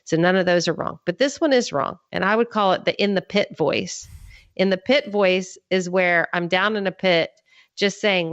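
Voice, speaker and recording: An American woman author, a podcast guest, explaining her ideas in an earnest, measured teaching tone. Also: fairly low pitch, dry recording, muffled recording. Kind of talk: podcast interview.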